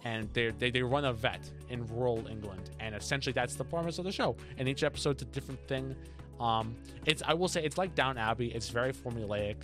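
A man's voice: medium pitch, brisk, music in the background. A young man co-hosting a podcast, chatting casually and rambling with many restarts. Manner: rambling, restarts often, lively. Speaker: podcast co-host. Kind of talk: casual chat.

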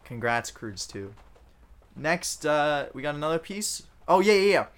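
A man's voice: on the high side, big pitch swings, measured pace, a bit bright. A man co-hosting a casual movie podcast, joking sarcastically and laughing often. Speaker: podcast co-host.

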